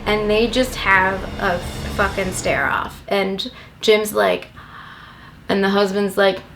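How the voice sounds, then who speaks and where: Bright-voiced sarcastic woman ranting. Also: mid-range voice, slow pace, a little hiss or hum. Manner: rambling, sarcastic, swears constantly. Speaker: movie recap comedian. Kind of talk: profane comedic plot recap.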